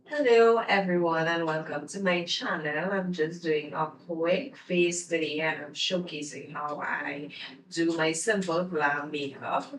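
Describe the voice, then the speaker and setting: A woman's voice: low voice, far from the mic. A woman giving a makeup tutorial, talking viewers through each step. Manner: slow step-by-step instructions to viewers. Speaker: beauty vlogger. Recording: roomy, away from the mic.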